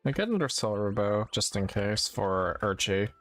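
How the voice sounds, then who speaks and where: A man's voice: on the low side, very animated, normal speed, fairly bright tone, no room sound, soft background music. A man streaming a game, chatting casually and rambling, often correcting his own words. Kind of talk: casual gameplay chat.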